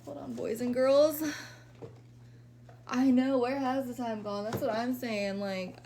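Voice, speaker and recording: Chatty young woman with gravelly fry. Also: a little high, steady tone, slow pace, mellow, a little hiss or hum. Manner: chatty, laid-back, says "like" and "y'all" a lot. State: pregnant, a little out of breath. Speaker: livestreamer. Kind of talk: casual livestream chat. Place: her apartment, lying down.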